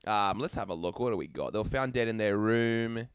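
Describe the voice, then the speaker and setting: A man co-hosting a laid-back podcast, thinking aloud as he goes. His pitch rises and falls a lot, and his voice sounds dry and close to the mic. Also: lively intonation, a little fast, clean tone, no echo. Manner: rambling, thinks aloud with fillers. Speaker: podcast co-host. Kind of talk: casual chat.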